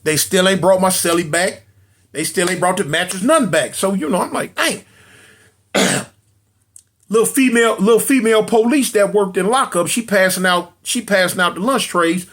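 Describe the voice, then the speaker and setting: A man telling a casual story about prison life, animated, repeating phrases and acting out what people said. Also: high-pitched, moderate pace.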